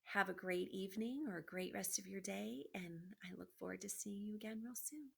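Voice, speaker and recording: A woman reading a children's book aloud, gently, with asides to her listeners. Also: medium pitch, brisk, vocal fry, slightly rough. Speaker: storyteller.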